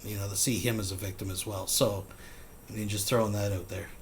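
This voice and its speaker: A man's voice: fairly low pitch, flat delivery, fairly quick, slight background noise. A man hosting a reaction show, giving mocking, incredulous commentary on a livestream. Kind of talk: sarcastic commentary.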